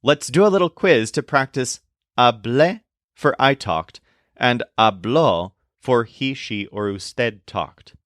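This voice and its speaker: A man explaining verb forms in a scripted language lesson, speaking slowly and deliberately and spelling words out. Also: mid-range voice, animated, fairly bright tone, no echo, clean studio sound. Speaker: language teacher.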